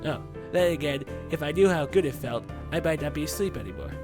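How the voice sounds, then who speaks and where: A man's voice: a little high, expressive, fairly quick, over music. A man reading the lines of an odd, dreamy young woman from a visual novel in a plain voice. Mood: musing.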